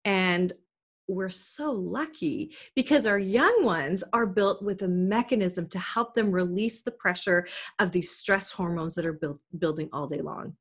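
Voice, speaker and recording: A woman's voice: lowish voice, unhurried, husky. Earnest woman coaching parents. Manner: earnest and coaching, asks the listener questions. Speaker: parenting educator. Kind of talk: direct-to-camera parenting talk.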